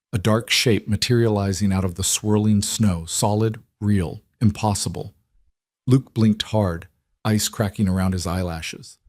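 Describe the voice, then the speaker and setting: Low-voiced man narrating a story. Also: a little mellow, dry recording, studio quality.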